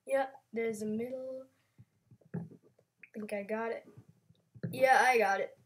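A woman's voice: fairly high pitch, steady tone, takes it slowly, noisy background. Chatty young woman playing a game. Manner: chatty, playful, self-conscious. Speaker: Minecraft channel host. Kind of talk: casual gameplay chat.

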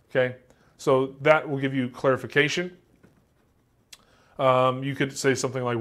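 A man's voice: medium pitch, flat delivery, moderate pace, pauses often, a bit bright. A man teaching a class in a casual, joking way, acting out example answers with a light Southern American accent. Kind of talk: classroom lecture.

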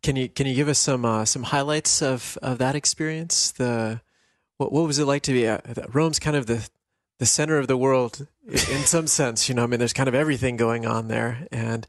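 A male radio host of middle pitch, asking his guest long, wandering questions in a thoughtful way. He is recorded close and dry, with nothing heard behind him. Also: normal speed, no echo. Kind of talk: interviewer, casual chat.

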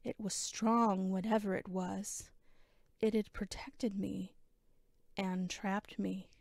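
A woman narrating a fantasy novella chapter in first person, with a measured, dramatic reading. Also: mid-range voice, flat delivery, creaky, a little mellow, no room sound. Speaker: audiobook narrator.

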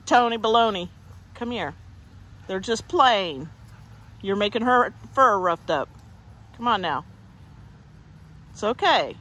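A woman's voice: medium pitch, animated, slow pace, long pauses, a bit bright, slight background noise. A woman fostering dogs, talking casually and cooing coaxing baby talk to puppies in an outdoor yard. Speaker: dog foster carer.

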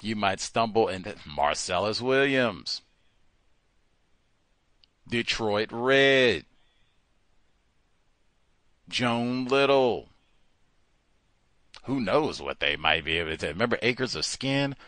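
A man hosting a call-in talk show, speaking in an animated, emphatic way and repeating words for stress. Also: on the low side, takes it slowly, long pauses, no room sound. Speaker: host. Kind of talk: call-in radio talk monologue.

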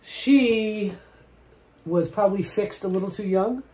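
A woman vlogger chatting casually while she paints, soft-spoken and reflective, often trailing off mid-sentence. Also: medium pitch, a little slow. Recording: roomy echo with faint noise.

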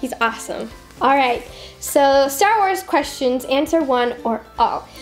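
Bubbly high-voiced young woman. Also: lively intonation, unhurried, soft background music. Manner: bubbly, giggly, reads questions aloud. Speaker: YouTuber answering fan questions. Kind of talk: casual chat.

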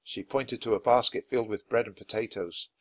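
A man reading a children's chapter book aloud at a clear, natural pace for language learners. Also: on the low side, fairly even intonation, brisk. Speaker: storyteller.

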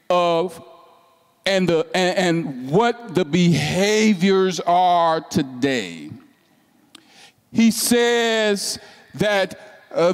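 In a large hall, a male pastor delivers his sermon in a high, clean voice, slow and emphatic, repeating rhetorical questions and dropping at times into hushed softness.

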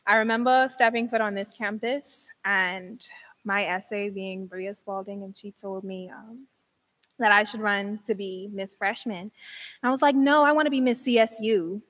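A woman's voice: medium pitch, a bit bright. Sincere young woman giving a farewell speech. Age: young adult. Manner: sincere, conversational, with fillers. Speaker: outgoing university pageant queen.

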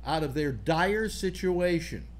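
A man's voice: fairly high pitch, expressive, a little slow. A man hosting a panel show in casual debate, needling and sarcastic. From New York. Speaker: host. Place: studio panel.

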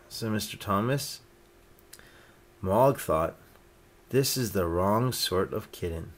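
A man reading a children's picture book aloud, gently lifting his voice for each character's lines. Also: on the low side, takes it slowly, pauses often. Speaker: storyteller.

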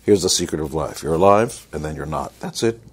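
A man with a very low, husky voice hands out advice in a blunt, emphatic manner. He talks in a motivational style and slips in wisecracks as he goes. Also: lively intonation, fairly quick. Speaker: interviewee giving success advice. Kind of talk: motivational talk.

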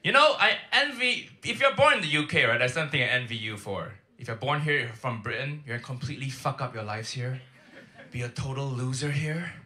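A man's voice: mid-range voice, lively intonation, brisk. A man doing a crude, teasing stand-up routine to a live comedy club audience. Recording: loud crowd and noise on a live recording.

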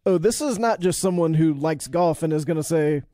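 A man's voice: fairly high pitch, normal speed, mellow, dry recording, studio quality. A man hosting a podcast, asking long, full-sentence questions in an interview. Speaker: podcast host.

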